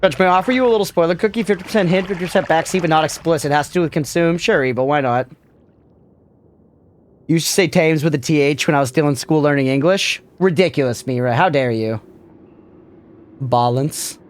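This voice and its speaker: A man's voice: a little high, fast talker, a little hiss or hum. A man streaming a video game, chatting casually and joking as he answers his chat. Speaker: gaming streamer. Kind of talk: casual live-stream chat over gameplay.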